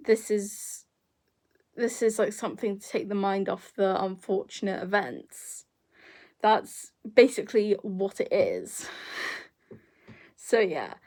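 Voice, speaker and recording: Young woman, vlogger, casual chat, unhurried, rambling with lots of fillers. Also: mid-range voice, a little mellow. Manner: rambling, many fillers and restarts, laughs often.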